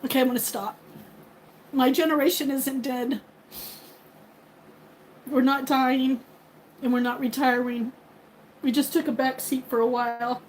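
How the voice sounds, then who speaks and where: A woman's voice: high-pitched, little pitch movement, measured pace, pauses often, a little hiss or hum, low-quality recording. A woman in her forties chatting casually with her live viewers, rambling and openly emotional. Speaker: livestream host.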